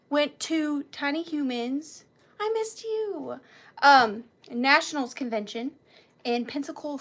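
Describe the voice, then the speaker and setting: A high-pitched woman hosts a live sale of vintage finds, chatting casually and greeting viewers by name between items. She laughs often and sounds a bit out of breath as she talks. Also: a bit bright. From Georgia, US. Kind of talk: casual live-stream selling.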